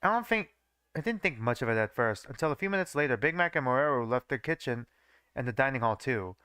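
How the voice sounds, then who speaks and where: A man's voice: mid-range voice, expressive, quick pace, sharp tone, clean tone, no room sound, clean studio sound. Young man laughing at his own fanfiction. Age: young adult. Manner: swears casually and laughs at his own writing. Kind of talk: live reading with joking asides.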